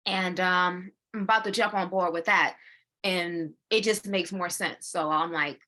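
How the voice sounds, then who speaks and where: Bright-voiced woman in her forties. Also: fairly low pitch, moderate pace. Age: 40s. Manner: animated, repeats herself, laughs often; slips into quoting her own inner voice. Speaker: co-host. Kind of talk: casual chat.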